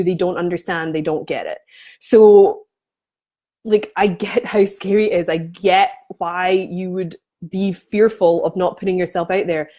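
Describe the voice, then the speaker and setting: Brief: female coach, casual vlog to camera, earnest and impassioned, mid-pitch, trips over her words. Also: warm tone. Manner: passionate, restarts sentences often. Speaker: spiritual coach.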